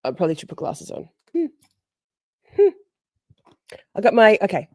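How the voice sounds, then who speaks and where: A woman's voice: medium pitch, wildly swooping pitch, normal speed, warm tone, dry recording, studio quality. An Australian woman hosting a casual livestream from home, bubbly and swearing freely as she greets viewers by name. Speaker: livestream host. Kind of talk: casual live-stream chat with viewers.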